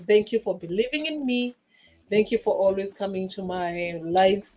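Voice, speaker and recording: A woman's voice: mid-range voice, moderate pace, a little mellow. A woman speaking as a livestream guest, effusive and emotional, laughing often and using many fillers in casual chat. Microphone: remote streaming call.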